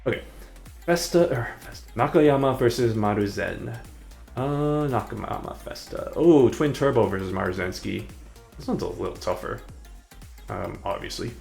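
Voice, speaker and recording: A man's voice: mid-range voice, expressive, moderate pace, vocal fry, darkish tone, soft background music. A man streaming and chatting casually, rambling and hesitating as he corrects himself mid-sentence. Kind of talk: casual live-stream commentary.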